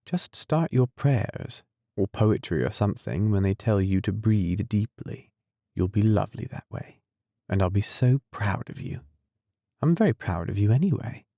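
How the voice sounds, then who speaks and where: A man voicing a tender, devoted young nurse in an audiobook, soft and coaxing. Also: lowish voice, expressive, moderate pace, vocal fry, no room sound, studio quality. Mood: teasing. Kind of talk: audiobook character reading.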